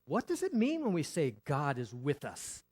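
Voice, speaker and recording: Male pastor, conversational sermon delivery, very expressive intonation, leans on repetition and questions. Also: a little high, normal speed, husky. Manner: animated, rhetorical questions and repetition; frequent restarts, conversational.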